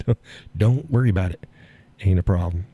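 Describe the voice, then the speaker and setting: A man's voice: low voice, moderate pace, slightly rough, narrow, tinny audio. A man hosting a live stream, chatting casually, often laughing, folksy and blunt with casual swearing. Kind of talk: casual chat.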